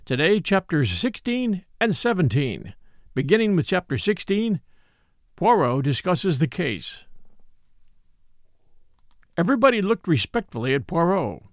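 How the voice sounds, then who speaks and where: Male host narrating a mystery audiobook, higher voice, lively intonation. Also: measured pace, long pauses, no room sound, clean studio sound.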